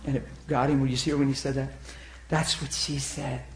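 A man preaching a sermon, telling stories and acting out the voices of the people in them, swinging from loud outbursts to hushed tones. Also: medium pitch, little pitch movement, normal speed. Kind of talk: sermon storytelling. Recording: echoey room.

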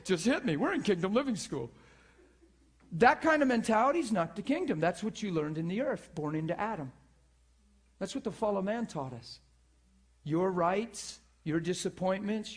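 Male preacher, high-ish voice, lively teaching delivery, stammered restarts, talks with the audience. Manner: animated, repetitive, checks in with the audience. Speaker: preacher teaching a church school class. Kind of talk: sermon.

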